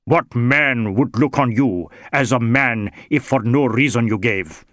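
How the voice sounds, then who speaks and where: A man's voice: medium pitch, measured pace, a bit bright, no room sound, studio quality, close to an everyday voice. A man voicing a tall, scornful man who tries to bribe a police inspector, wheedling and contemptuous by turns.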